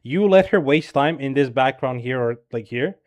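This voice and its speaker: A man's voice: medium pitch, lively intonation. A man reviewing a player's gameplay as a coach, talking casually and criticizing bluntly and profanely, with lots of "bro" and "right?". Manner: filler-heavy rapid talk with frequent "bro" and "right?". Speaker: game coach.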